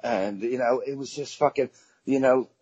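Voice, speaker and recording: A middle-aged man with a husky, slightly rough voice tells rambling stories full of swearing, like a guest comedian chatting freely on a podcast. The recording sounds dull and a little lo-fi. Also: mid-range voice, moderate pace, a little mellow, no echo. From Staten Island, New York. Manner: profane, rambling anecdotes. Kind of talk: casual podcast storytelling.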